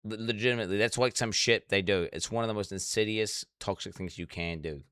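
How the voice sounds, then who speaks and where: Male streamer, blunt profane reaction talk, bright tone, dead dry room. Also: on the low side, fairly quick, smooth, dry recording. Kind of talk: casual reaction commentary.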